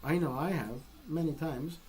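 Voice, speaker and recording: A man's voice: a little high, moderate pace, a little mellow, husky, rough recording. A man telling a story in a casual, profane rant, emphatic and retelling exchanges as dialogue. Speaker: vlogger.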